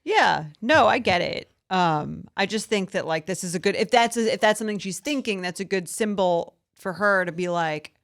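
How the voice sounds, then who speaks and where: A woman's voice: medium pitch, normal speed, creaky, hardly any pauses. A woman co-hosting a podcast in casual chat, talking thoughtfully with frequent "like" fillers. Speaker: podcast co-host.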